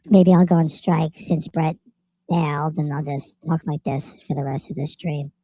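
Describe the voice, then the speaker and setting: A man hosting a livestream, talking in a casual, joking way through a helium pitch-up voice effect. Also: steady tone, normal speed, warm tone, no room sound. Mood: goofy. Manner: joking, chatty. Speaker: livestream host. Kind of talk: casual chat.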